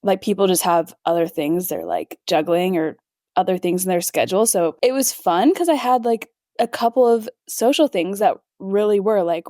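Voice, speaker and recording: Young woman, podcast host, mellow warm tone, upbeat, dry close mic. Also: mid-range voice, expressive, moderate pace, dry recording. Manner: upbeat, enthusiastic, fillers. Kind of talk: casual chat.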